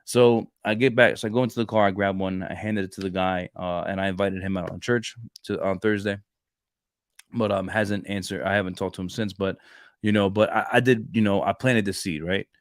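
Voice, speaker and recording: A man in his thirties co-hosting a podcast, chatting casually about faith and telling stories with lively acted-out dialogue. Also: deep voice, fairly quick, dry recording, studio quality. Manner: animated storyteller who acts out dialogue and restarts often. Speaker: podcast co-host. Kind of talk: casual faith chat, storytelling.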